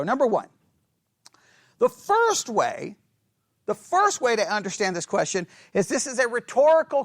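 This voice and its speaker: A man teaching a conversational Bible study who asks his class questions and acts out quoted lines. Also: very high-pitched.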